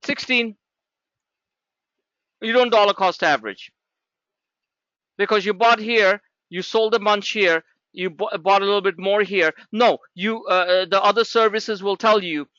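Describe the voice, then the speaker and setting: A man's voice: high voice, a little slow, pushed and bright, no room sound, highs cut off. Blunt, sarcastic man teaching trading. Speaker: trading educator. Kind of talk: live trading class talk.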